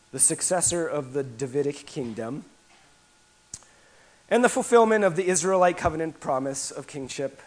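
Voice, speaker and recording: A man preaching a sermon as pastor, swinging between hushed, drawn-out phrases and emphatic repeated lines, with frequent restarts. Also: fairly high pitch, poor audio.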